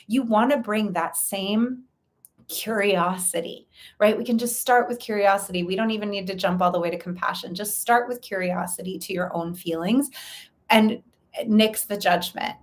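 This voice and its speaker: A woman's voice: mid-range voice, moderate pace. A woman life coach giving a direct-to-camera talk, earnest and explanatory, laying out her points in long lists.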